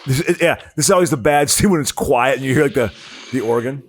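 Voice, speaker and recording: A man hosting a podcast, chatting casually while watching a movie, excitable and prone to stammering restarts. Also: mid-range voice, quick pace. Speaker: podcast host.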